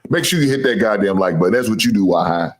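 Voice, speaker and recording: Over a crowd in the background, a man speaks fast in a fairly low voice with lively intonation. As a sports show host, he rants casually at viewers, trash-talking, showing off, teasing, swearing a lot and laughing at his own gags.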